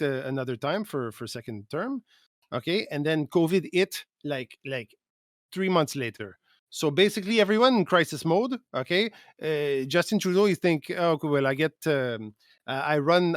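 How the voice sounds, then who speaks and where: A man's voice: fairly high pitch, lively intonation, normal speed, no room sound, clean studio sound, lightly acted. A man from Quebec putting on an exaggerated Quebec French accent in broken English, dropping articles and tacking "okay?" onto his points during a podcast chat. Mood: ranting.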